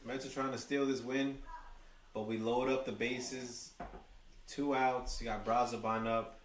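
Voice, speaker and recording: Excitable man with a New York accent. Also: medium pitch, measured pace, reverberant, recorded from a distance, slight background noise. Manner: chatty, excitable, talks to chat. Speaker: livestream host. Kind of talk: fan watch-along commentary.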